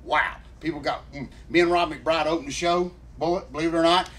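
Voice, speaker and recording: A man telling a long, emotional story on a podcast, warmly and earnestly addressing his co-host. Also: on the high side, a little fast. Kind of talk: rambling casual storytelling.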